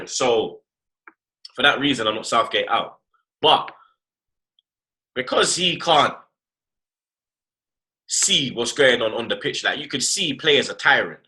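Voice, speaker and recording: A man's voice: medium pitch, slow, pauses often. A man hosting a casual football chat, full of slang and repeated tag phrases. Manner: animated slangy talk, repeats "blood" and "you get me". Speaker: host.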